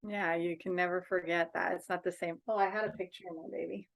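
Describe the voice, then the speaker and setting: A woman's voice: lowish voice, level tone, quick pace, vocal fry. A woman speaking as a guest in a casual interview over a video call, earnest and outspoken, a bereaved mother and advocate.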